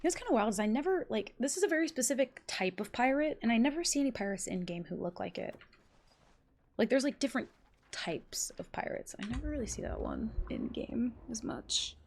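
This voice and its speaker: A woman's voice: a little high, animated, quick pace. Chatty, swearing woman streamer. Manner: chatty, swears freely, laughs often. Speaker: live game streamer. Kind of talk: casual live-stream chat while gaming.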